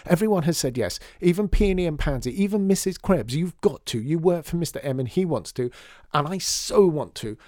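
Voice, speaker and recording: A man reading a storybook voices an eager little girl who talks loudly and insistently. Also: mid-range voice, brisk, hardly any pauses, no echo, studio quality, voice pushed up, lightly acted. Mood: pleading. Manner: loud, breathless excitement.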